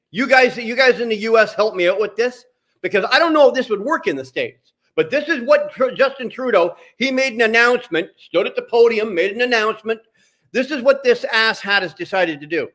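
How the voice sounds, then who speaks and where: Man, from Canada, high-pitched, heated, cursing, repetitive livestream rant. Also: fairly bright tone. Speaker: streamer.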